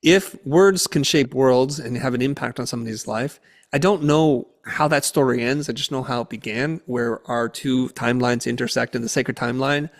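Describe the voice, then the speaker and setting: A man's voice: mid-range voice, normal speed. A man, a guest speaker, telling a story in a podcast interview and acting out the quotes in it. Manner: animated storyteller who acts out the quotes. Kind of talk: conversational storytelling.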